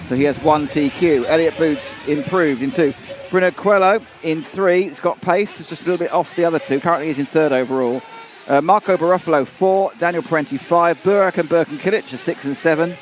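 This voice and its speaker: A man's voice: on the high side, fairly quick, music in the background. A man doing live race commentary, chatty and playful, sometimes stumbling over names.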